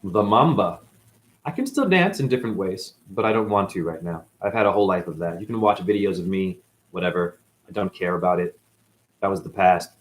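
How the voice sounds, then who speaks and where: A man's voice: low-pitched, a little fast. A man from New England as a spiritual teacher, rambling through a profane monologue that swings between mutters and outbursts. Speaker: spiritual teacher, former dancer.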